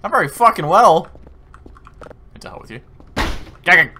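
A young man chatting casually while playing a game, excitable, swearing and laughing often. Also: high voice, normal speed, background noise. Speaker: gaming streamer. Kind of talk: casual gameplay chat. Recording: keyboard clicks and typing behind.

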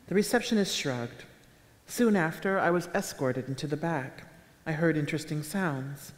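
A woman author reading her own fiction aloud at a public event, with a measured, deadpan delivery. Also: deep voice. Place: town hall auditorium with a live audience. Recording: echoey live hall sound.

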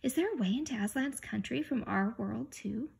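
A woman's voice: on the high side, expressive, normal speed, gravelly, darkish tone, breathy edge, full character voice. A woman voicing a curious, earnest young boy with hesitant questions.

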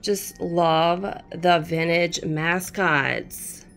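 A woman's voice: lowish voice, steady tone, drawn-out words, fairly bright tone, faint music behind. A woman, chatting fondly as she shows off her shopping haul and talks to her cat. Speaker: crafting channel host. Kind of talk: casual haul show-and-tell.

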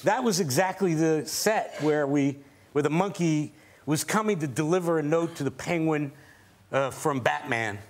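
A man's voice: fairly high pitch, moderate pace. A man guest on a talk show, telling a rambling casual anecdote.

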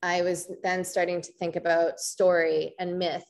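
A Canadian woman in her thirties giving an artist talk, pausing often with ums and restarts. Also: lowish voice, level tone. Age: 30s. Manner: hesitant, frequent ums and restarts. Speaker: visual artist.

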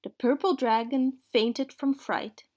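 A woman reading a children's picture book aloud in a slow, clear, expressive way. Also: sits high. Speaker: storyteller.

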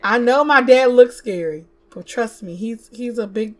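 Woman, slightly high pitch; chatty let's-play host bossing her game characters around. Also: normal speed, a bit bright. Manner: chatty, talks to the game characters, slips into Southern US slang. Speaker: gaming YouTuber. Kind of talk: casual let's-play commentary.

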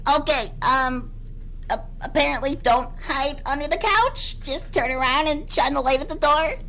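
A woman's voice: high-pitched, measured pace, fairly bright tone, slight background noise. A young woman commentating a horror game as she plays, panicking and repeating words in a rush when scared. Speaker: gamer.

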